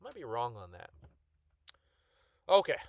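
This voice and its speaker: A man chatting casually through a showcase of his card collection, full of ums and restarts and excited bursts. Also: medium pitch, a little slow, gravelly, dry recording, studio quality.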